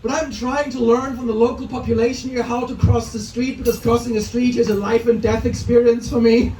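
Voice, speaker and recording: The forties-aged Austrian comedian's voice is extremely high, delivered flat and a little fast, yet warm in tone. At the comedy club open mic he mocks himself and laughs at his jokes, captured on a distant mic in an echoey room with a slight hiss or hum.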